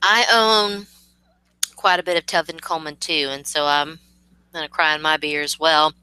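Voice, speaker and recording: A woman's voice: sits low, fairly even intonation, normal speed, bright, forceful tone, smooth, no echo, rough recording. A woman co-hosting a casual fantasy football chat, talking in a chatty, self-deprecating way. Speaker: podcast co-host.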